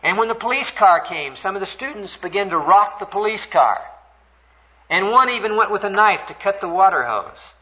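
An older man preaching a sermon, earnest and animated as he tells a story, voice climbing high when stirred. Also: moderate pace. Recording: dull, lo-fi recording.

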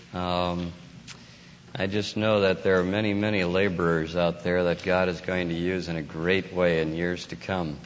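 Man preaching in a lo-fi hall. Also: a little hiss or hum. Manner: folksy, rises to excited high voice in anecdotes. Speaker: conference speaker. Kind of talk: informal sermon. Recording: dull lo-fi audio in a hall.

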